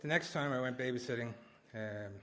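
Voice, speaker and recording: A man's voice: mid-range voice, brisk, crowd noise. A man performing a comic personal story at a live story slam, rambling and self-mocking, laughing through his lines. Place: small live venue indoors.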